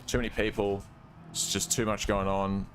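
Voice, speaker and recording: Casting: young Australian guy, broad working-class accent, low voice, rambly and unsure, light background hiss. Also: little pitch movement, moderate pace. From Western Australia. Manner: rambling, hesitant, trails off with "I don't know". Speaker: gaming streamer. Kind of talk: casual gameplay chat.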